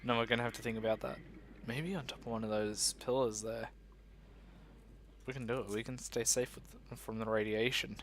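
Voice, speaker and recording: At a normal speed, a young gaming host with a mid-range, fairly even voice chats his way through a survival game. He rambles, makes fun of himself, and talks to his viewers; slight background noise can be heard.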